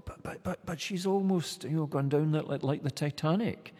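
A man speaking as a guest scholar in a discussion, thoughtful and halting, with frequent restarts. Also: fairly high pitch, warm tone, breathy edge, in a large hall.

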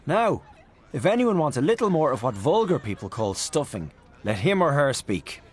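A man's voice: mid-range voice, big pitch swings, quick pace, close to an everyday voice. A man voicing an amiable, mock-formal male dinner host in a storybook reading.

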